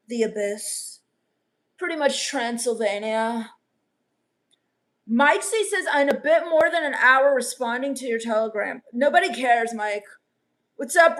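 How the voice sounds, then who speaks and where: A woman playing a sullen, scornful goth teen vampire on a comedy live stream, reading chat with deadpan, sarcastic put-downs. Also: fairly high pitch.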